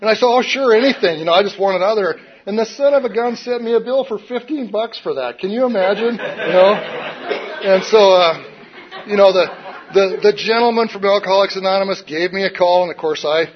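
A man's voice: high-pitched, brisk. A man telling a personal recovery story in a wry, self-mocking, rambling way, often saying "you know". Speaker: recovery speaker. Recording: dull lo-fi recording.

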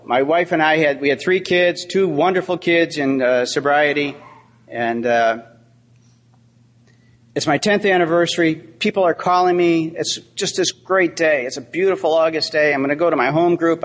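A middle-aged man shares his recovery story at a meeting, sincere and wry by turns. His voice sits a little high. A long hall reverb trails each phrase. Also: moderate pace. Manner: storytelling, heartfelt with dry humor. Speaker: AA speaker. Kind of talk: recovery talk.

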